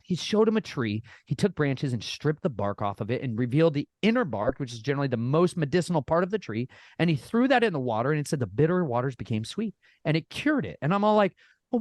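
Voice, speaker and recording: A man talking casually as a podcast guest, folksy and animated, often addressing listeners as y'all. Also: a little high, no room sound. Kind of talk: casual storytelling chat.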